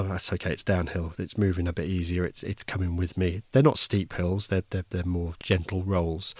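A man's voice: deep voice, no room sound. A man hosting a podcast, telling a story in an easygoing, wry way, often restarting his sentences. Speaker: podcast host. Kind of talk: casual first-person storytelling.

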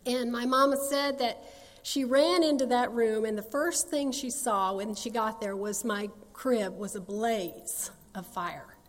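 A woman's voice: on the high side, unhurried, in a large hall. A woman, sharing her personal testimony in a folksy, earnest storytelling manner. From North Carolina, USA. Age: 60s.

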